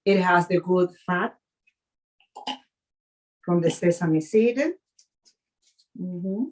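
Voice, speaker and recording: A woman chef leading a live cooking demonstration, speaking haltingly with fillers and restarts, an English speaker. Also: fairly low pitch, rough recording.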